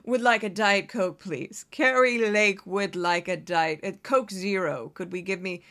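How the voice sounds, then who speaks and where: A woman putting on the voice of a brash, imperious female news anchor turned politician, talking loud and slow. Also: medium pitch. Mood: demanding.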